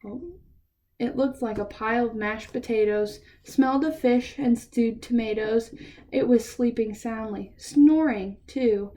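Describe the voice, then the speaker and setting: A woman in her thirties reads a rhyming picture book aloud, expressive and unhurried. Her voice is mellow and soft, sitting a bit above the usual pitch. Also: a little hiss or hum. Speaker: children's book reader.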